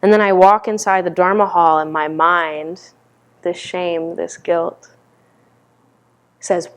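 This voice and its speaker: A woman's voice: lowish voice, fairly even intonation, slow, long pauses. A woman giving a dharma talk as a meditation teacher, telling stories in a candid, conversational way.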